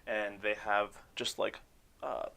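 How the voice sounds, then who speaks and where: Game master, male, lowish voice, relaxed storytelling with fillers and restarts. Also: creaky, a little hiss or hum. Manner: unhurried, searching for words with many fillers. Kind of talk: narrating a tabletop game.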